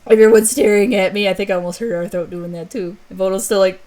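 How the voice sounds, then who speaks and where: A woman's voice: medium pitch, fairly even intonation, fast, a little mellow. Rambling, self-mocking woman streamer. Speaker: streamer and story author. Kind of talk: casual chat.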